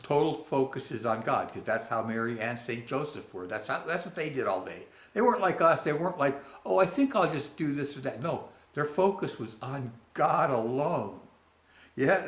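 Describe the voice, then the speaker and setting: Rambling man in a roomy space. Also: mid-range voice. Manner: rambling, halting, many restarts. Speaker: religious speaker. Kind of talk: unscripted reflective monologue. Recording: roomy with faint ambience.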